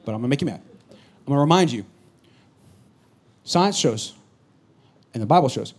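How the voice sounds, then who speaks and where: A man preaching a sermon, going from loud comic storytelling to a hushed, serious tone. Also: mid-range voice, animated, moderate pace, breathy edge. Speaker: pastor.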